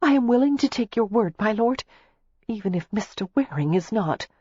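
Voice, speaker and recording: Spirited young heiress voiced by the narrator, higher voice, breathy, dry slightly dull audiobook sound. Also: lively intonation, normal speed, dark tone, no echo. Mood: earnest. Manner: earnest, pleading. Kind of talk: audiobook character reading.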